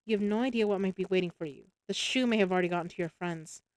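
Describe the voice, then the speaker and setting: A woman's voice: on the low side, fast, no room sound, lightly acted. A woman voicing a stern, literal-minded young soldier in a read-aloud story, in her everyday voice. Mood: earnest.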